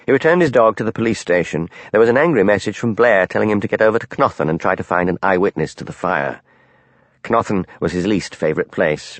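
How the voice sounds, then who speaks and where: A man narrating an audiobook with an expressive, varied reading. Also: fairly low pitch, dry recording.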